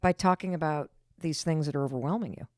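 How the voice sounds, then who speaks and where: A woman's voice: sits low, fast, no echo, clean studio sound. A middle-aged woman hosting a podcast, talking in an earnest, reassuring and emphatic way. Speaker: podcast host. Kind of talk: casual podcast conversation.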